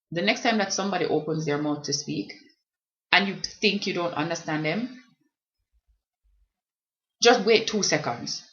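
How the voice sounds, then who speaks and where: A woman's voice: deep voice, a bit bright. A woman, speaking earnestly and directly to the listener in a reflective personal vlog. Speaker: blogger and vlogger. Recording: dull lo-fi recording.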